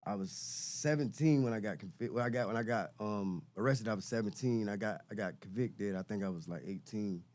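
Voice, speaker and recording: Low-voiced middle-aged man, reflective. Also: brisk, few pauses, a little mellow. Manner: reflective, repeats words while searching for them. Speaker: podcast guest. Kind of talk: casual conversation.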